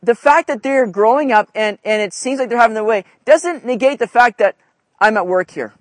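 A man's voice: very high-pitched, normal speed, dry recording. A man preaching a conversational sermon, often checking in with his listeners. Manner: conversational, asks "right?" often. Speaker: pastor.

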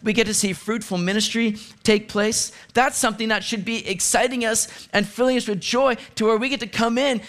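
A man preaching a sermon as pastor, animated, moving from hushed asides to excited exclamations. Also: sits high, normal speed, few pauses.

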